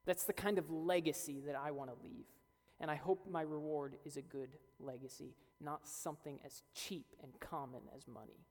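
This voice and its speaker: Preaching in a church hall, a young pastor speaks earnestly and builds toward emphatic peaks. His slightly high, darkish voice holds fairly even intonation at a normal speed with few pauses, while faint music plays in the reverberant space.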